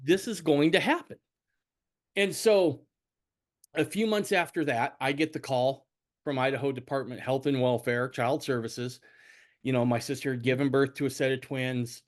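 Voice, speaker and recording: A middle-aged man hosting a podcast, telling a family story in casual conversation, repeating words and rambling. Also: moderate pace. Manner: rambling, repeats words, animated swings in pitch. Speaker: podcast host.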